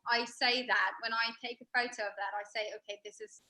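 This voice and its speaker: A woman guest on a casual livestream offers earnest, encouraging advice. Her voice is bright and slightly high. She speaks in a supportive tone. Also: steady tone, fairly quick, low-quality recording. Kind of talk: casual live chat.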